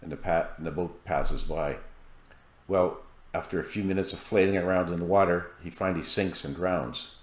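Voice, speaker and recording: A man, an author and hypnosis practitioner, talking to camera in a calm, measured way with occasional fillers. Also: sits low. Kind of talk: monologue to camera. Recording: roomy echo.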